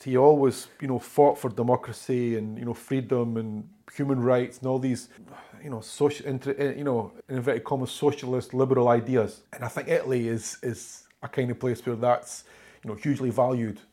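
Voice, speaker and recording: A man's voice: mid-range voice, dark tone. Rambling man telling a story. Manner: rambling, with many fillers and restarts. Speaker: author and journalist being interviewed. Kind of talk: conversational storytelling.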